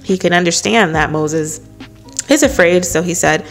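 A woman's voice: on the low side, normal speed, soft background music. A woman hosting a casual Bible study, talking conversationally and filling her speech with "you know". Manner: conversational, many "you know" fillers, light laughs.

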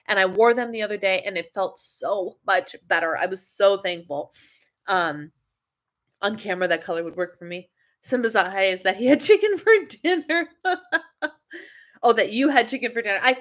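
A woman who is a wellness coach, chatting on a webcam livestream and reading out viewer comments. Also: mid-range voice. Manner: chatty and animated, laughs often.

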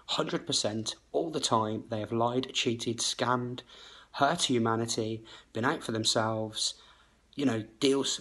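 A man's voice: mid-range voice, a bit bright. A man hosting his own channel, talking straight to the camera in an emphatic, insistent way, full of rhetorical questions. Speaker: channel host. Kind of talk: direct-to-camera monologue.

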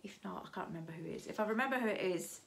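A woman's voice: mid-range voice, very fast, creaky, a little hiss or hum. A woman in her fifties with grandchildren, chatting casually and rambling through a shopping haul with many restarts. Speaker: vlogger showing a shopping haul.

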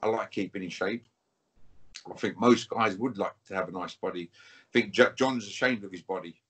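A man's voice: on the low side, moderate pace, a bit bright, slightly rough. A British man giving an interview over a video call, taunting and trash-talking a rival, saying "mate" again and again. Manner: taunting, repetitive, calls listener mate. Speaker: interview guest. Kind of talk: combative interview trash talk.

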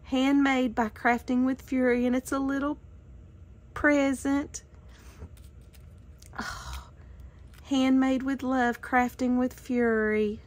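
A woman with a high voice talks slowly and warmly to her viewers as a craft vlogger. She gushes over each handmade piece and repeats her thanks again and again. Her speech rises and falls with delight. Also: flat delivery. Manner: gushing, effusive thanks. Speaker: craft YouTuber. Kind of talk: casual unboxing vlog.

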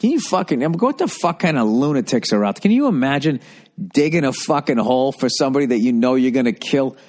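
A man's voice: mid-range voice, lively intonation, fast talker, darkish tone. A man hosting a podcast who delivers a comedic monologue rant in a profane, rambling, sarcastic way. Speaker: podcast host.

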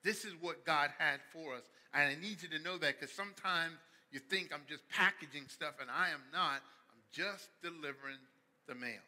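A man preaching a sermon as pastor, telling a humorous story with animated delivery. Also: a little high, moderate pace, big-room sound.

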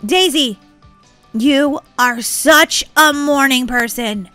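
A woman's voice: high voice, takes it slowly, pushed and bright, no echo, faint music behind, full character voice. A woman doing a grumpy sleepy girl. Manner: grumpy, sulky. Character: grumpy sleepy young girl, not a morning person.

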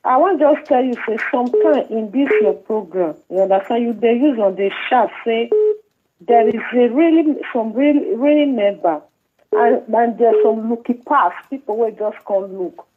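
A woman's voice: a little high, moderate pace, a little hiss or hum. A Nigerian woman caller, calling in to a live show to reassure the host earnestly. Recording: tinny phone line.

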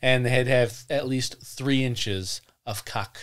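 A man co-hosting a podcast, chiming in with quick jokes and crude asides in casual chat. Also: medium pitch, fairly bright tone, clear, resonant tone. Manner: joking interjections, crude jokes. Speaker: podcast co-host.

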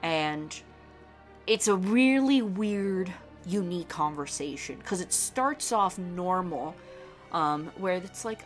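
A young woman with a deep, low-pitched voice talks casually on her podcast, rambling with enthusiasm. She keeps circling back with ums and half-started sentences. Soft music sits faintly in the background. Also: lively intonation, takes it slowly. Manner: enthusiastic, rambling with many fillers and restarts. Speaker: podcast host. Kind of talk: casual rambling film talk.

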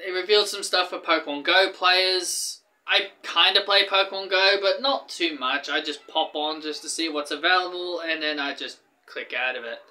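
This gaming news vlogger talks at normal speed with hardly any pauses, excitable and rambling as he stumbles and starts sentences over. His voice is high, very bright and sharp, bursting with barely contained excitement.

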